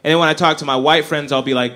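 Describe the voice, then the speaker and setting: A man's voice: fairly high pitch, fairly even intonation, racing, bright, forceful tone. A young man doing a stand-up comedy set, talking in a wry, conversational way and chuckling at his own jokes. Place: comedy club stage. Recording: live club recording with crowd and noise. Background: audience laughter.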